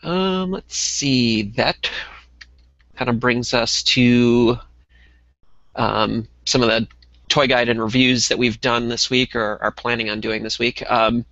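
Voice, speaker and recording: Bright-voiced man hosting a podcast. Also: medium pitch, takes it slowly, no room sound, muffled recording. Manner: relaxed, many ums and uhs. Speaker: podcast co-host. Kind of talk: casual podcast chat.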